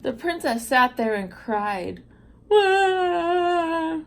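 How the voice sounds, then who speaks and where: A woman's voice: on the high side, lively intonation, slow pace. A woman reading fairy tales aloud to viewers, breaking off for chatty asides and reactions. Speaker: storyteller.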